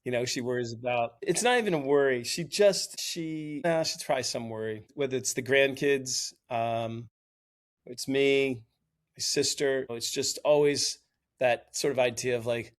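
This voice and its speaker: A man, around his fifties, talking thoughtfully and in a measured way on a podcast. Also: mid-range voice. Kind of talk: reflective podcast conversation.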